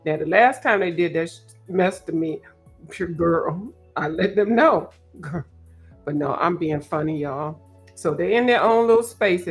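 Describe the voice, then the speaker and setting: Chatty woman hosting an art livestream. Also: medium pitch. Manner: chatty, joking, talks straight to viewers. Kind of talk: casual livestream chat. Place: at home.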